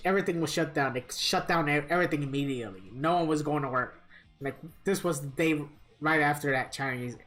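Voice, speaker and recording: A man's voice: on the high side, a bit bright. A man live-streaming a fighting game, chatting casually with viewers in a rambling, profane storytelling manner.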